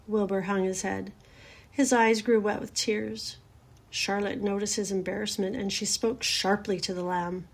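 A woman reading a children's storybook aloud in a gentle, measured way. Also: mid-range voice, little pitch movement, creaky.

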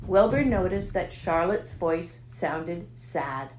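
A woman narrating a children's storybook aloud in a measured, expressive way. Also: on the low side. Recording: echoey room.

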